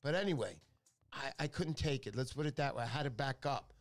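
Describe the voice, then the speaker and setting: A man's voice: mid-range voice, a little fast. A man hosting a talk show, telling stories in a chatty, joking way that drifts off topic. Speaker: radio show host. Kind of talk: casual talk-show storytelling.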